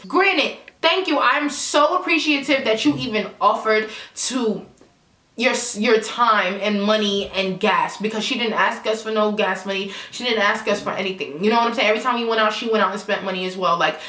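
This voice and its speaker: A young woman telling a casual storytime vlog, animated and profane, full of asides to her viewers. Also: on the high side, moderate pace. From New York, Brooklyn. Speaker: vlogger. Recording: echoey room.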